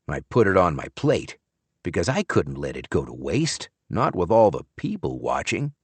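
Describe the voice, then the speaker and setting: Deep-voiced, expressive male audiobook narrator. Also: moderate pace, breathy edge, dry recording. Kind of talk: scripted first-person narration.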